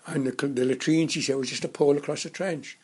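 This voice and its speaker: A man in his nineties reminiscing in casual conversation, a halting storyteller who rambles and restarts his sentences. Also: a little high, steady tone, slightly rough. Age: 90s. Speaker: interviewee.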